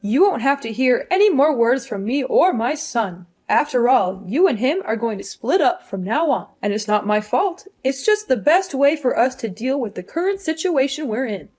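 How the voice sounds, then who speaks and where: A cruel, scornful mother-in-law, voiced by a woman for an animated story. She talks down with sneering mockery, and her fairly high voice swoops lively up and down. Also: moderate pace, few pauses. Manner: sneering, mocking, condescending. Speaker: fiancé's mother.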